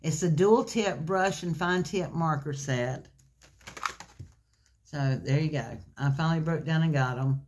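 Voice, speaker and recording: A woman's voice: low-pitched, unhurried, darkish tone, a little hiss or hum. A woman, chatting in a gushing, folksy way as she shows off craft supplies in a haul video. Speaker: craft vlogger. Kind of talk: casual haul video chat. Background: faint crinkling of plastic packaging.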